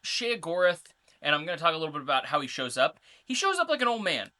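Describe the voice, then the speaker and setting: A woman's voice: low voice, big pitch swings, quick pace, sharp tone. A woman co-hosting a podcast, explaining game lore in a chatty, casual way with lots of fillers. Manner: chatty, reads notes, filler-heavy. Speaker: podcast co-host.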